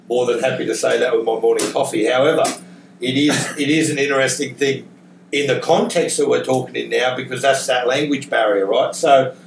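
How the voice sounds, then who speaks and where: Brief: Australian male host, gravelly, jokey and rambling, recorded far off in an echoey room. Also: mid-range voice. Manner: jokey, rambling with many restarts. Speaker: podcast host. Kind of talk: casual interview chat. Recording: echoey room, distant mic, faint noise.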